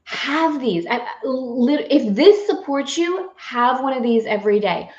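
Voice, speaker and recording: A woman's voice: high-pitched, lively intonation, measured pace, a little mellow, reverberant, lo-fi sound. A woman guiding a live spiritual lesson, playful and effusive, laughing often as she leads affirmations and breathing. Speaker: spiritual course guide. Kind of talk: live guided affirmation session.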